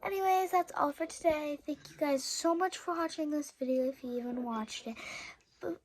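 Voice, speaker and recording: A woman giving casual, rambling reaction commentary with many fillers, at times dropping to a whisper. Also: sits high. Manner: halting and rambling, lots of fillers, drops to whispers. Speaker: YouTuber reacting to a video.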